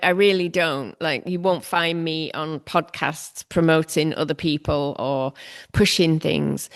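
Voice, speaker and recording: A woman's voice: low-pitched, vocal fry. A woman artist being interviewed, talking candidly and reflectively about her own habits with self-deprecating humor.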